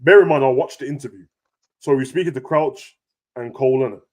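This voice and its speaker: A young man hosts a casual football podcast chat full of animated, slangy banter, talking rapidly with big jumps in pitch.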